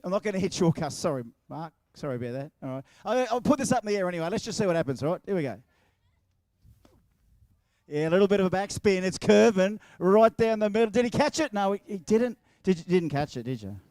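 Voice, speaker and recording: A man's voice: high-pitched, very animated, fast talker, a little mellow, no echo. An Australian man working as MC at an outdoor racetrack, bantering with the crowd in a jokey, teasing way. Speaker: event MC. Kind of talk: crowd banter at a live event. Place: outdoor drag racing track.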